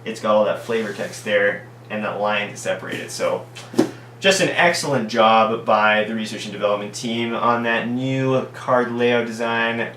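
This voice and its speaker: A man's voice: on the low side, fairly even intonation, moderate pace. A man reviewing trading cards in a casual, ironic way, reading out card text and heaping mock praise on every card. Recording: echoey room, distant mic, faint hum.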